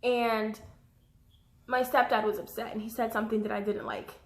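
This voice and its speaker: A woman's voice: fairly high pitch, little pitch movement, normal speed, reverberant. A young woman telling her own story in a personal vlog. She rambles, jumps between thoughts and keeps apologizing for losing her thread. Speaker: vlogger.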